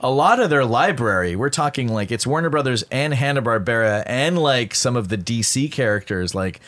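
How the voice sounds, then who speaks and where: A middle-aged male voice actor chatting casually on a podcast, animated and full of fillers. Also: medium pitch. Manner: fast, animated storytelling with many fillers. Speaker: guest voice actor.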